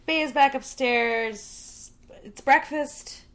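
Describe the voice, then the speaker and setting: A woman's voice: high-pitched, very slow, a bit bright. A woman co-hosting a podcast, chatting casually and laughing often as she retells TV scenes. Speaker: podcast co-host. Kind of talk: casual chat recapping a TV show.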